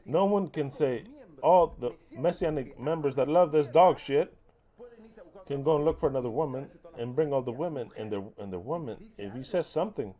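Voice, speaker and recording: A man's voice: a little high, warm tone. A man preaching a heated sermon, mocking and cursing as he fires off rhetorical questions. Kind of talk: impassioned sermon.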